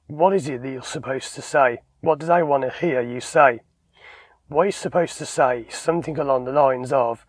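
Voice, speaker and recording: Driving instructor, plain dry sound. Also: male voice, medium pitch, moderate pace, no room sound. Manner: emphatic, acts out dialogue. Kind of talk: direct-to-camera instructional talk.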